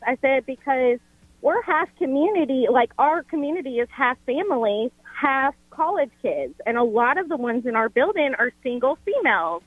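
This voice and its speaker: A woman calls in to a morning radio show over a tinny phone line, venting her grievance with plenty of "like" and little pauses. Her voice sits a touch high and sounds dry and close. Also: expressive, no room sound. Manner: exasperated, filler-heavy storytelling. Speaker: caller. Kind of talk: casual call-in chat.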